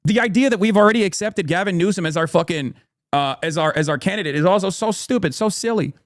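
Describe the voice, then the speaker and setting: A man's voice: high-pitched, quick pace, dry recording, studio quality. A man ranting through combative, profane political commentary on a live stream.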